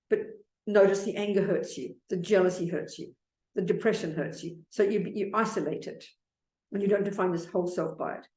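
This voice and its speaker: A woman's voice: on the low side, darkish tone. A woman Buddhist teacher giving a dharma talk and answering questions, blunt and repetitive, calling listeners darling and sweetheart. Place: meditation center hall. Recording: echoey teaching hall.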